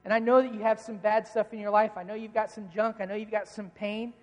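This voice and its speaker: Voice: medium pitch, little pitch movement, fast talker. Earnest preacher in a reverberant hall. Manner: asks rhetorical questions and answers them; earnest, repeating key lines for emphasis. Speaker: pastor. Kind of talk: sermon.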